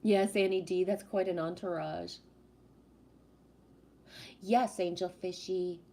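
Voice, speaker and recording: A woman's voice: on the low side, steady tone, slow, dark tone. A woman hosting a casual livestream, projecting her voice and affectionately calling viewers sweetie as she reads their comments. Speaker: livestream host reading chat. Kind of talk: casual live-stream chat with viewers.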